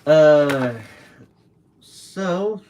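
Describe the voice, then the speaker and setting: A young man chatting casually on a late-night stream from home, his voice sitting a little higher than most men's. He rambles through a story, loose and unscripted. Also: extremely slow, a little mellow, rough recording. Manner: rambling storyteller who acts out quoted people.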